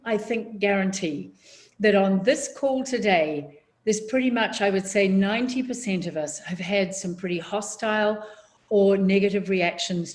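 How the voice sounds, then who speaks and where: Measured New Zealand woman coaching. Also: mid-range voice. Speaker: public speaking coach. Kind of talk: online workshop talk. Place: home office, seated on a chair. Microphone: video call.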